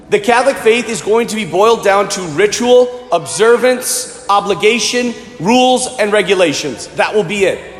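A man, a Catholic priest, preaching an earnest, emphatic sermon and often clearing his throat. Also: high-pitched. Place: church. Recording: echoey church with long reverb.

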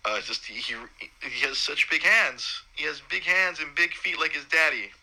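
A man telling the story of his son's birth in a casual, halting way. He is choked up and keeps restarting, and his voice jumps high when he quotes himself. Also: bright, forceful tone, poor audio. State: choked up, holding back tears. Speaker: new father recounting his son's birth.

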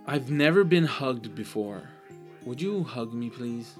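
A man's voice: mid-range voice, expressive, a little slow, faint music behind, close to an everyday voice. Bashful pleading woman in a spoken joke, lilting and sheepish, a man doing the voice. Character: woman without arms or legs, coy, pleading.

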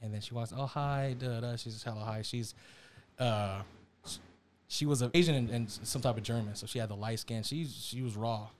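A young man telling a story in casual chat, animated and slangy, acting out the quotes. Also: mid-range voice, brisk, a little hiss or hum. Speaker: storyteller on a podcast.

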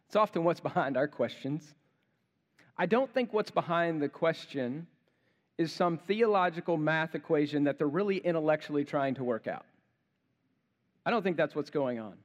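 A male pastor preaching a sermon, emphatic, building to forceful rhetorical questions. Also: fairly high pitch, animated, moderate pace, long pauses. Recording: long hall reverb.

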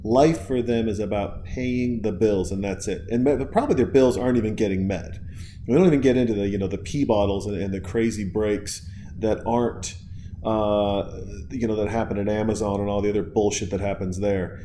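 A man's voice: lowish voice, warm tone, slight background noise. A man hosting a podcast in an early-morning solo rant, swearing freely, rambling and restarting his sentences as he gets worked up. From United States. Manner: profane, fired-up, rambling with many restarts. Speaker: podcast host. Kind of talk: casual ranting monologue.

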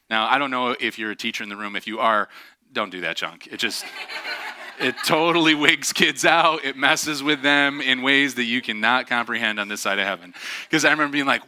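A male pastor delivers a conversational sermon with a very bright, ringing voice, heavy on filler words and easygoing asides. The sound is close and dry, with no room echo. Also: medium pitch, fairly quick. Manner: casual, self-deprecating, many fillers. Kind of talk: sermon storytelling.

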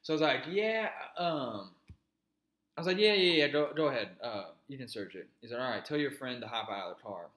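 A man's voice: mid-range voice, expressive, brisk, a bit bright, roomy sound. A man co-hosting a podcast, telling a long story in casual chat, cursing and rambling. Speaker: podcast co-host.

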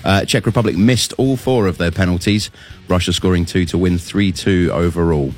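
A man reading a sports news rundown in a steady, matter-of-fact way. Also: sits low, normal speed, faint music behind. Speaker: news reader on panel.

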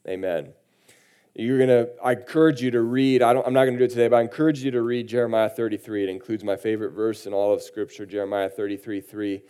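A man's voice: fairly low pitch, mellow. A man preaching a sermon, reading scripture aloud with emphasis and then commenting on it in a conversational way. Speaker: pastor.

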